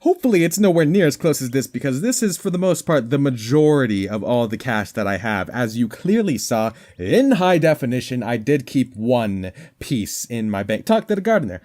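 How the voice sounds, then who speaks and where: A man's voice: mid-range voice, very animated, normal speed, hardly any pauses, a little mellow. Goofy rambling man commenting on a game. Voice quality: voice worn out. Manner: goofy, rambling, jokey asides. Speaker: gaming commentator.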